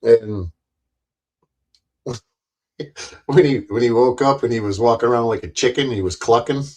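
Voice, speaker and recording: A man's voice: mid-range voice, normal speed, a little mellow. A middle-aged man hosting a casual livestream, rambling, joking crudely and laughing often. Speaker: livestream host.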